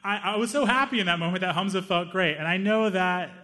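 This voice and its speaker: Young guy doing stand-up, bright forceful voice, bit high, acts out everybody's lines. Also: fast talker. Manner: animated, acts out other people's lines. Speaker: stand-up comedian. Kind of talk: stand-up storytelling.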